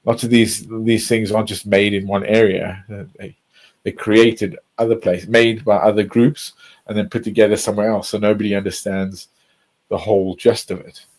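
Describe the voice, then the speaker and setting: Low-pitched man, loose rambling chat, frequent restarts and swearing. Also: little pitch movement, normal speed, a little mellow, rough recording. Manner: rambling, repeats words, swears often. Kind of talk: casual chat.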